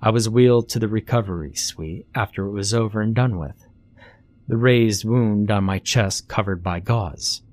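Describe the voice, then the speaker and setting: Low-voiced man narrating horror. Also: moderate pace, a little mellow. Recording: faint music underneath.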